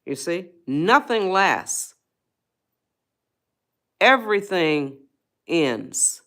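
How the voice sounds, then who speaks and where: Slow, lively-pitched woman livestreaming. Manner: folksy, talks straight to viewers, answers chat. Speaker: livestream host giving life advice. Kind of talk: casual motivational livestream talk.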